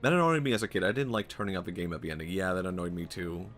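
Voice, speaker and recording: A man's voice: sits low, racing, fairly bright tone, soft background music. A man casually chatting and rambling through gameplay commentary on a stream, laughing often, recorded at a home streaming setup.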